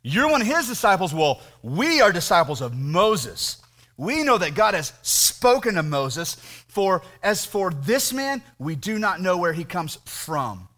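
Condescending, lecturing religious elders, as a male preacher puts them on, voices raised high and loud, rushing as they scold. The tone is pompous and dismissive. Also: very animated, heavily acted. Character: scornful lecturing religious leaders, grown men.

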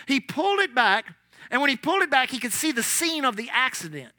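A man's voice: extremely high pitch, a little fast, no echo. A man preaching a sermon, telling stories and calling out "amen" as he goes. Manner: animated, repeats lines, calls out "amen". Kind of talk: sermon with storytelling.

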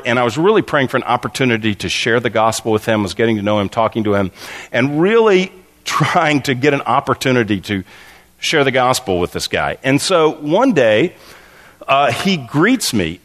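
A man preaching a sermon, telling stories with animated, stammering delivery and acting out the voices in his anecdotes. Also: mid-range voice. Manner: stammers and restarts often. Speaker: pastor.

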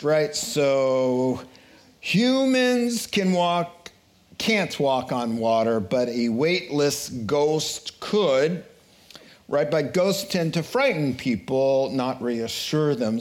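A man's voice: medium pitch, takes it slowly, a little mellow. A man preaching a Bible lesson in a playful way, acting out scenes with voices. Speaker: preacher teaching a Bible study. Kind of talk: sermon.

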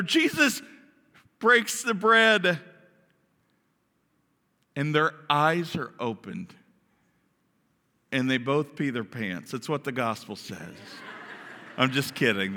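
A man preaching a sermon, telling a story dramatically, his voice swinging from hushed to loud as he acts out voices. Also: a little high. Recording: long hall reverb.

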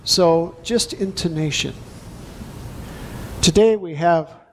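Male pastor giving a sermon, high voice, takes it real slow and stretches out the big words. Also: slight background noise. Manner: deliberate, emphatic preaching with drawn-out stresses.

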